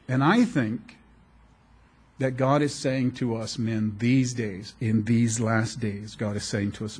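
A middle-aged man preaching a sermon as a pastor, animated and joking, with laughs along the way. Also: mid-range voice, unhurried, breathy edge.

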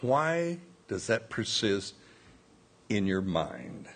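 A man's voice: lowish voice, expressive, slow pace, breathy edge. A man preaching a sermon, reading scripture aloud and explaining the verses in plain asides.

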